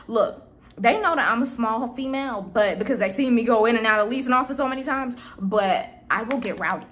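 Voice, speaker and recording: Animated young woman telling a storytime. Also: on the high side. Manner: animated, exasperated retelling with quoted dialogue. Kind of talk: casual storytime chat.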